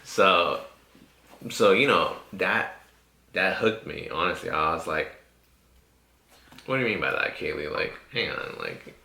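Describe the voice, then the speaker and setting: A man's voice: low-pitched, lively intonation, measured pace, vocal fry, pauses often, pushed and bright, reverberant. A man hosting a podcast, telling stories in a laid-back, profane way with lots of fillers. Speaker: podcast host. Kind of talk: casual podcast chat.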